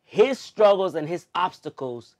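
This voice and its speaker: A young adult man as an interview guest, speaking heartfelt and expressive, moving between loud emphasis and soft, near-tearful moments. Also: high-pitched, unhurried. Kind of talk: emotional personal interview.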